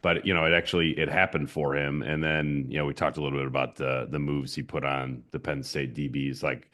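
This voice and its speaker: A man's voice: very deep voice, little pitch movement, fairly quick, fairly bright tone. A male sports reporter recounting player interviews in a laid-back way, full of ums. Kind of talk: casual sports talk.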